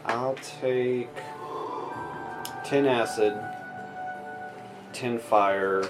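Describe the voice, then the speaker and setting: A man playing his character in a tabletop game, halting and stammering. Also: mid-range voice, music in the background. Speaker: player. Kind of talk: tabletop role-play in character.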